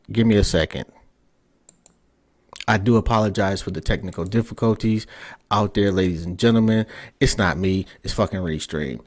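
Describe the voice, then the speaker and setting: A man hosting a podcast interview over a remote call, casual and profane, repeatedly checking whether his guest can hear him. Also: on the low side. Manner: loose and profane, frustrated with tech trouble. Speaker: podcast host.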